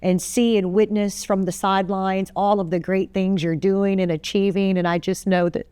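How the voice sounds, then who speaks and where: A woman hosting an interview, warm and affectionate, with frequent yeahs. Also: mid-range voice, little pitch movement, normal speed, smooth, no room sound, studio quality. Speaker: host. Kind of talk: interview talk show.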